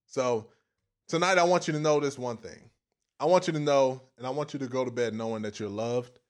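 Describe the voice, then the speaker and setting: A man's voice: medium pitch, fairly quick. A man preaching a casual, folksy sermon, repeating phrases and stopping now and then to chuckle.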